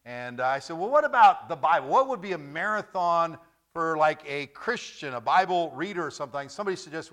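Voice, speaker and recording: A man preaches a sermon with a high, bright voice, repeating key phrases for emphasis. He talks lively, in a joking, storytelling way as a pastor to his congregation. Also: brisk.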